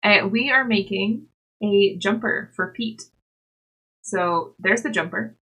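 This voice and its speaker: A young woman livestreams, chatting loosely with her viewers as she knits. Her voice is soft and breathy, at a middle pitch, and she giggles often and talks to her cat as readily as to her chat. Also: takes it slowly. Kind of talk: casual chat with live chat while knitting.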